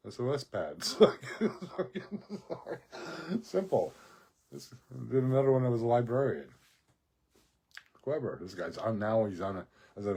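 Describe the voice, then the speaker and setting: A man's voice: mid-range voice, big pitch swings, slow, pauses often, mellow, slightly rough. A man telling a rambling personal story in a casual monologue, profane and laughing often. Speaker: vlogger.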